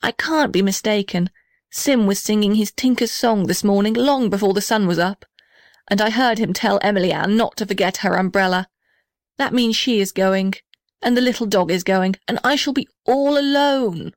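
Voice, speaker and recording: A woman's voice: medium pitch, normal speed, no room sound, clean studio sound, close to an everyday voice. A woman voicing a sulky young male house who sighs and pities himself. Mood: mournful. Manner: whiny, sighing, self-pitying.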